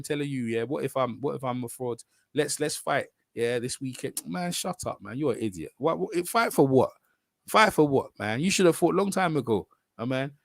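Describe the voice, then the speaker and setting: A man's voice: mid-range voice, no room sound, studio quality. A man ranting in casual boxing commentary, mocking and repeating himself. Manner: animated, mocking, repeats himself, drifts into quick asides.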